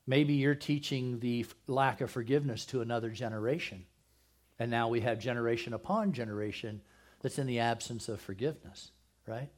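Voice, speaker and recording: A man's voice: mid-range voice, darkish tone. A man preaching a conversational sermon as pastor at a church service, asking the congregation questions and dropping jokey asides.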